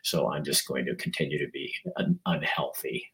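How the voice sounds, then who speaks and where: An older man hosting a casual live stream, losing his voice, rambling in a folksy way and often clearing his throat. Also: very deep voice, moderate pace, fairly bright tone. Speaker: livestream host.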